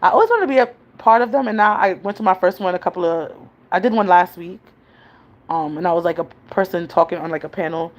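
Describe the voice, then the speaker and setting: Chatty New mom vlogger. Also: female voice, on the low side, animated, fast talker, lo-fi sound. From New York City. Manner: chatty, rambling, laughs often. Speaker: vlogger, mother. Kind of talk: casual chat to viewers. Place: home, New York.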